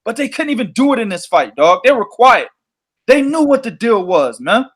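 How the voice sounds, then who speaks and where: High-voiced, profane boxing podcast host. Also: male voice, moderate pace, breathy edge. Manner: profane, animated storytelling. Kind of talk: casual boxing podcast chat.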